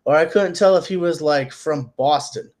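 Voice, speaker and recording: A man's voice: a little high, normal speed, darkish tone. A man co-hosting a casual podcast chat, joking around and rambling in a goofy way. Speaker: podcast co-host.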